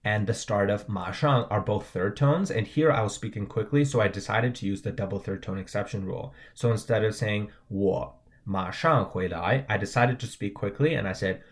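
A man with a lowish voice teaches words and tones, speaking a little fast with hardly any pauses. He explains patiently and keeps checking in with "right?"

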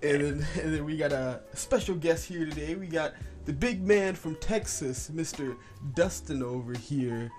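A man's voice: a little high, moderate pace, hardly any pauses, darkish tone, faint music behind. A man hosting a podcast, talking loosely and rambling as he runs the show. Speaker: podcast host. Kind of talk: casual podcast chat.

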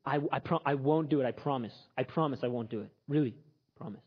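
A man playing a sheepish fellow in a joke, mumbling low apologies. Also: fast, slightly rough, in a large hall, close to an everyday voice. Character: sheepish man who keeps throwing water, mumbling apologies. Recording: slightly muffled recording.

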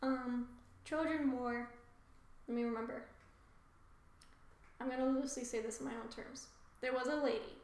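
A woman co-hosting a podcast in casual chat, making dry, deadpan quips. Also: high-pitched, normal speed, long pauses, roomy sound. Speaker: podcast co-host.

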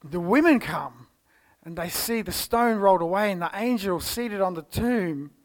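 A man with an Australian accent preaching a church sermon, telling the story expressively and moving between loud exclamations and hushed tones. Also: high-pitched, lively intonation, normal speed. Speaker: pastor. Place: church service.

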